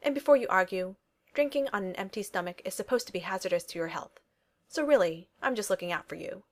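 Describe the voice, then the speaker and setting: A snarky, self-assured man with a quick, flippant tongue, voiced by a woman reading a storybook-style audiobook. Mid-pitched and unforced. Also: expressive, natural voice. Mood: wry. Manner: wisecracking and flippant. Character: snarky confident male billionaire inventor. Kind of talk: audiobook reading of fan fiction.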